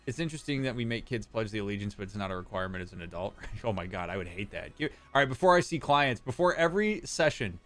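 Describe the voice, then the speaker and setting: A man's voice: fairly low pitch, expressive, fast, hardly any pauses, a bit bright, soft background music. A man, a therapist chatting casually on a live stream, reading out chat messages and joking with viewers. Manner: joking, reads chat messages aloud and replies.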